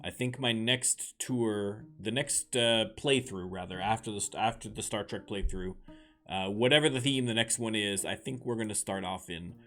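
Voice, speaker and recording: Canadian guy streaming a game, chatty and jokey, talks right to chat, soft music in the background. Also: lowish voice, normal speed. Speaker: gaming streamer. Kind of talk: casual let's-play commentary.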